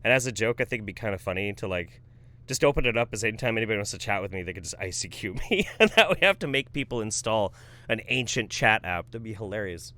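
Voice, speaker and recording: A man's voice: fairly low pitch, expressive, fast, bright, forceful tone. Thirtysomething guy on a live stream, cussing and joking, voice bounces all over. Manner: laid-back, swears freely, laughs often. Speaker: host reading viewer donations. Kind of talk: casual live-stream commentary.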